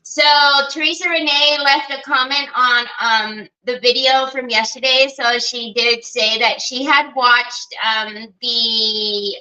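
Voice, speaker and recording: Slow, bright-voiced woman crafting live. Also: on the high side, fairly even intonation, low-quality recording. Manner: chatty, greets viewers by name, many fillers. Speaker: crafting livestream host. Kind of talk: casual live crafting stream.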